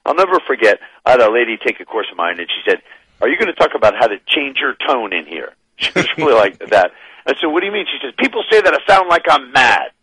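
A man talking as a guest expert in a radio interview, explaining with animated emphasis. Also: medium pitch, fast talker, breathy edge, no echo, low-quality recording.

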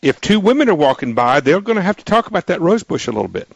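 A man's voice: fairly high pitch, sing-song, fast, gravelly, breathy edge, no room sound. A male radio talk show host interviewing a guest in an emphatic, joking way, with frequent restarts. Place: radio studio.

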